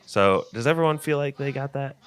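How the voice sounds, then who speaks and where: A man's voice: medium pitch, lively intonation, brisk, a bit bright, smooth. A man with a Northern Indiana accent who hosts a podcast and runs a trivia game with energy, often laughing as he talks. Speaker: podcast host. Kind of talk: casual chat.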